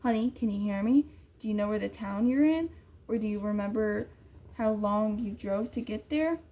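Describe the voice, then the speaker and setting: A man's voice: high-pitched, moderate pace, mellow. A woman reading the lines of a worried father pleading for answers, in a plain reading voice. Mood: urgent. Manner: urgent, pleading.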